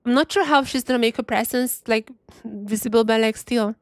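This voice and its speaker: A young woman streaming a game and commentating emphatically, repeating herself and brushing off ideas quickly. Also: on the high side, no room sound. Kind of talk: live gameplay commentary.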